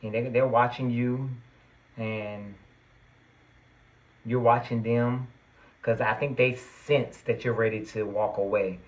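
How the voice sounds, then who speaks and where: A man's voice: mid-range voice, fairly even intonation, slow pace, long pauses, rough recording. A man giving a tarot reading to his viewers, earnest and reassuring, at times getting worked up and emphatic. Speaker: tarot reader.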